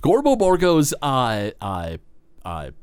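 A man's voice: medium pitch, wildly swooping pitch, takes it slowly, darkish tone, smooth, no echo. A man running a tabletop game as game master, narrating scenes with many filler words. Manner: rambling, full of filler words.

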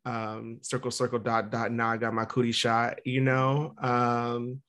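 A man co-hosting a podcast, casually recapping a cartoon episode over a video call, chatty, with quick asides. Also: mid-range voice, level tone, fairly bright tone. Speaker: podcast co-host.

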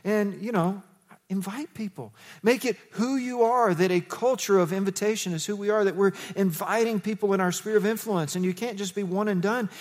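A man preaching as the pastor of his church, telling stories with lively, animated delivery. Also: normal speed. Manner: animated storytelling, jumps to high excited quotes. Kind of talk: sermon.

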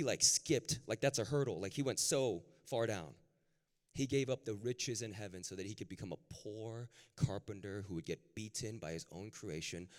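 Man preaching in a reverberant hall. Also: low-pitched. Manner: casual, conversational preaching that builds to impassioned near-shouting. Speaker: pastor. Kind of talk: sermon. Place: large hall with a live audience. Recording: long hall reverb, faint music.

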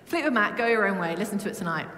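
A woman from Britain preaching a lively, humorous sermon to her church. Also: mid-range voice, very fast. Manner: humming song snippets. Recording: echoey church with long reverb.

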